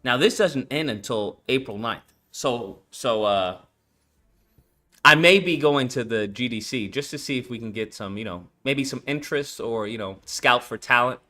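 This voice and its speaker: A young man chatting casually on a stream about his game project, slangy and animated, with lots of swearing and fillers. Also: mid-range voice, normal speed. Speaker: game developer and channel host. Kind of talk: casual livestream chat.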